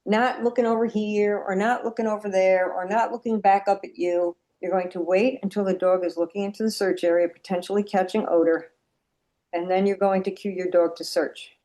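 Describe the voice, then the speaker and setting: A woman's voice: mid-range voice, steady tone, fairly quick, mellow. A woman teaching a dog nose work class over a video call, chatty and repeating her points for emphasis.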